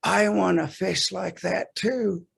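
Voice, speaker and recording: A man's voice: high-pitched, slow, creaky, a bit bright, slightly rough, exaggerated voice. A man voicing a vain, greedy male bear in a spoken folk tale, blurting out eager lines.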